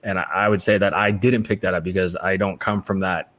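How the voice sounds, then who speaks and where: A man's voice: sits low, fairly even intonation, brisk, fairly bright tone. Rambling storytelling man. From United States. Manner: rambling, storytelling with many fillers. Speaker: actor guest. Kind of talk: casual chat.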